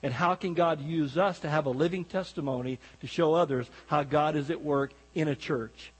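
A man's voice: on the high side, moderate pace, breathy edge, in a large hall, poor audio. A man preaching as a guest pastor, folksy and joking, talking directly to the congregation. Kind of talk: sermon. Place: church sanctuary.

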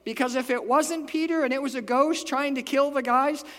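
A man preaching a sermon as a pastor, animated and playful, acting out the quoted lines with big jumps in his voice. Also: very high voice, normal speed, few pauses, long reverb tail.

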